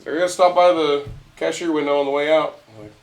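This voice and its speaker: A man telling profane, animated stories in casual bar chat. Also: a little high, fast talker, gravelly.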